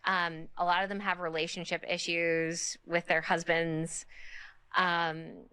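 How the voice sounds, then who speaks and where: A woman's voice: fairly low pitch, flat delivery, slow pace, bright, forceful tone, clear, resonant tone, no echo. A woman being interviewed who speaks in an earnest, reflective way. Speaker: interview guest.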